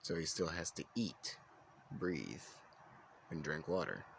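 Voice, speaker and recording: A man's voice: extremely low pitch, big pitch swings, takes it slowly, creaky, a bit bright, slight background noise. A man telling an improvised fan story in a casual, rambling way, with restarts and side remarks.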